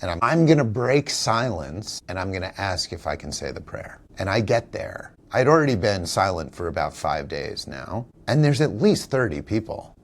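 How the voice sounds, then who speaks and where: Speaking at normal speed with hardly any pauses, this low-voiced man shows big pitch swings as he recounts a personal story. An actor, father, and teacher, he's an interview guest whose candid storytelling is earnest, reflective, and emotional.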